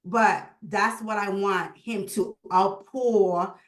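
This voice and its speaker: A woman's voice: medium pitch, slow, echoey room. A woman hosting a video call, speaking in a heartfelt, prayerful and emotional way. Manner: prayerful and emotional, with lively retold dialogue. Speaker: host.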